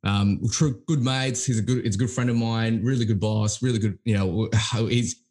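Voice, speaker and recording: An Australian man hosting a podcast, casual and teasing, tripping over repeated words as he gets excited. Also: lowish voice, normal speed. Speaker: podcast host. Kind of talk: casual interview chat.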